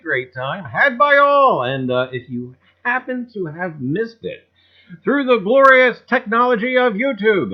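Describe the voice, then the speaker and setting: Jokey livestream host greeting viewers. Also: male voice, high voice, lo-fi sound. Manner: jokey, greets viewers by name, repeats "I tell you". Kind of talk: casual livestream chat.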